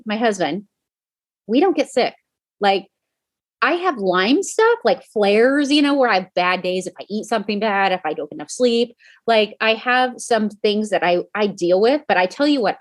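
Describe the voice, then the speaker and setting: A woman of middle pitch hosts a podcast and tells her own story in a loose, conversational way. She talks straight to her audience and keeps correcting herself as she goes. The recording is dry and close, with no room sound. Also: no room sound. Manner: chatty, talks straight to listeners as "you guys"; many "um" fillers and self-corrections. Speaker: podcast host and coach. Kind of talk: casual personal storytelling podcast.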